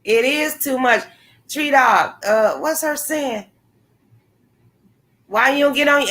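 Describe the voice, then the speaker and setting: A woman hosting a casual livestream, talking bluntly to her chat viewers, swearing freely and reacting with animated commentary. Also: sits high, moderate pace. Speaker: livestream host. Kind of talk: casual live-stream commentary.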